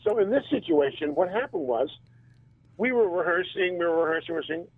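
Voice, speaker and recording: A man, a band drummer and interview guest, telling stories in a casual and animated way and laughing often. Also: high-pitched, fairly quick, no echo. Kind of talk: casual storytelling. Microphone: phone. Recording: tinny phone line.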